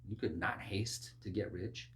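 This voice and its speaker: Guy preaching hard, goes from quiet low mutters to high urgent calls, kinda mocking. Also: unhurried. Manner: animated, jumps from low murmurs to high exclamations; mocking, acts out worldly voices. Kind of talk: preaching sermon.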